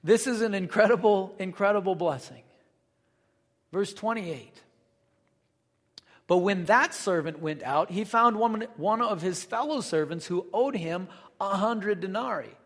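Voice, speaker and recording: A man's voice: high-pitched, a little slow, fairly bright tone, long reverb tail. A man reading scripture aloud and then explaining it in loose, conversational asides, like a casual Bible study teacher.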